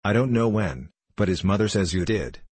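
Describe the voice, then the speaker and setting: A man's voice: fairly low pitch, lively intonation, moderate pace, a little mellow, husky, no room sound. A man voicing a stern, proud miner's wife who speaks coldly and in clipped phrases. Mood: cool. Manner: cold, clipped.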